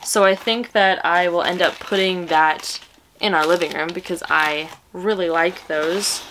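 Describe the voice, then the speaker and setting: A woman's voice: fairly low pitch, fairly even intonation, a little slow, fairly bright tone, slight background noise. A woman book vlogger in casual chat, rambling and chatty as she shows off books. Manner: chatty, rambling, talks to her pet.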